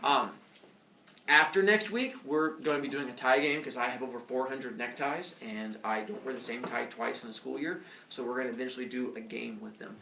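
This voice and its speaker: Gravelly-voiced joking teacher in a classroom. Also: male voice, medium pitch, a little fast, a little hiss or hum. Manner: joking, lively, puts on kid voices for effect. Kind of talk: classroom explanation to students. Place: school classroom. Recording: echoey classroom, far from mic.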